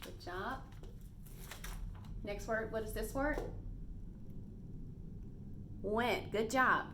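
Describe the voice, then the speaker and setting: A woman teaching a first grade reading lesson to young children, speaking slowly and encouragingly and sounding out words clearly. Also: a little high, noisy background.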